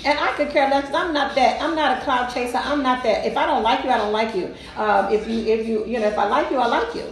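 A woman's voice: on the high side, fast talker, echoey room, low-quality recording. Emphatic woman telling a personal story. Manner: emphatic, repetitive, colloquial.

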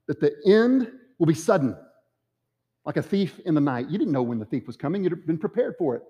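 A man's voice: fairly high pitch, mellow. Earnest preacher man in a reverberant hall. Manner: earnest, pleading, rhythmic repetition. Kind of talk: sermon. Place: church sanctuary. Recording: long reverb of a church hall.

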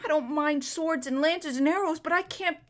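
A woman voicing a proud, anxious male talking warhorse in a storybook reading, gruff and fretful, dropping into urgent hushes. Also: high voice, moderate pace, pitched above the performer's own voice, natural voice. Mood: ashamed.

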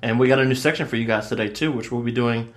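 A man co-hosting a podcast, excitable and quick to laugh. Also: medium pitch. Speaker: podcast co-host. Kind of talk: casual chat.

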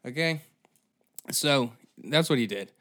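A man's voice: medium pitch, moderate pace. A man hosting a comedy history podcast, telling the story in a crude, rambling way with sarcastic asides. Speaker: podcast host.

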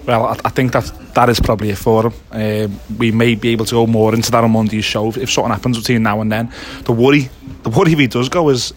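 A man co-hosting a casual post-match football reaction, giving brisk, opinionated analysis. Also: mid-range voice. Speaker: football podcast co-host.

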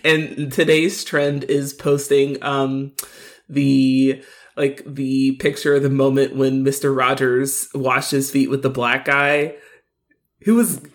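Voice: medium pitch, completely flat delivery, slow pace. A podcast co-host venting frustration in a rambling casual chat, full of fillers.

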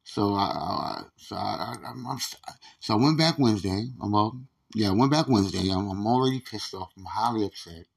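Guy with a gravelly voice ranting on his podcast, cussing a lot, tripping over his words. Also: fairly low pitch, moderate pace. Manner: profane, repetitive, stammering restarts. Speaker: podcast host. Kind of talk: casual ranting monologue.

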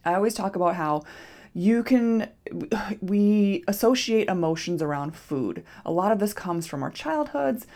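A woman's voice: mid-range voice, animated, measured pace, warm tone. A woman podcast host and nutrition coach talking casually and expressively, acting out quoted self-talk. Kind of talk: solo podcast monologue.

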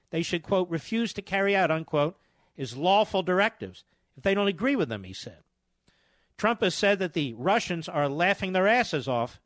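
Man, talk radio host, combative, scornful, higher-pitched voice, dry close sound. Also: a bit bright, no echo. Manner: scornful, hammering repetition, insults opponents.

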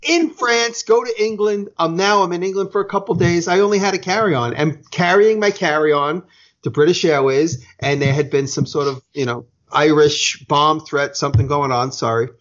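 An American podcast host tells a long, rambling anecdote, correcting himself as he goes and swearing casually. His voice is a little high and a bit bright, moving at normal speed, and the lo-fi recording sounds dull.

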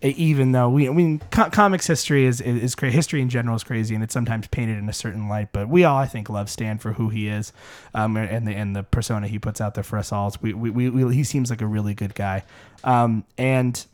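A male podcast host talks in a loose, rambling way, piling up ums and uhs and restarting his thoughts as he goes. His voice sits at an ordinary middle pitch. It sounds like relaxed, unscripted chat among friends. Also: quick pace. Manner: rambling, many fillers and restarts.

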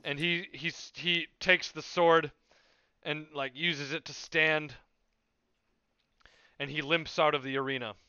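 A man narrating as game master of a tabletop game, unhurried and full of fillers. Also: fairly high pitch, steady tone, bright, forceful tone, clean tone, no echo, muffled recording.

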